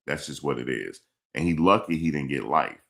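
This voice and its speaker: A man hosts a casual live stream and answers chat comments. His voice sits extremely low and has a rough, gravelly fry. He talks bluntly and repeats himself as he scolds commenters. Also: lively intonation, moderate pace, fairly bright tone. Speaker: livestream host reading chat. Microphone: streaming mic.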